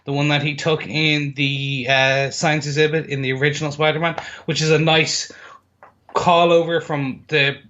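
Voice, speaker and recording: A man with a fairly high voice runs briskly through a list of points, filling the gaps with ums. His sound comes through dull and lo-fi, and the delivery stays casual. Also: flat delivery, bright, forceful tone. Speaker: podcast co-host. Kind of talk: casual film trivia rundown.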